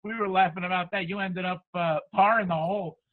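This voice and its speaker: Chuckling coach on a tinny line. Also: male voice, high voice, fairly even intonation, brisk. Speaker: high school baseball coach. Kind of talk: casual storytelling.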